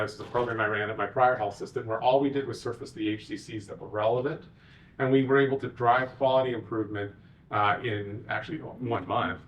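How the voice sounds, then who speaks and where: A man, a physician executive, giving a conference talk with animated, sarcastic asides. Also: medium pitch, distant mic.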